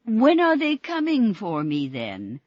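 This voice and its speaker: A woman's voice: mid-range voice, huge pitch swings, slow pace, no echo, lo-fi sound, voice pushed up, exaggerated voice. A woman voicing a bewildered, vague elderly man patient. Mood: confused. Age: older.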